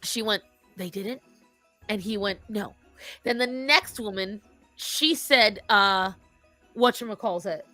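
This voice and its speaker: A woman's voice: medium pitch, a little slow, soft background music. A woman hosting a live stream, casually telling stories and giving blunt, opinionated advice to her chat. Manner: animated, opinionated storytelling. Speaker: streamer host.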